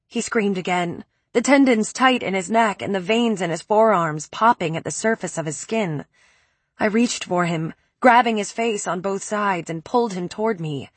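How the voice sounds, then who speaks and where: A woman's voice: mid-range voice, breathy edge, dry recording. A woman reading a first-person novel aloud with an intense, dramatic delivery. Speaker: audiobook narrator.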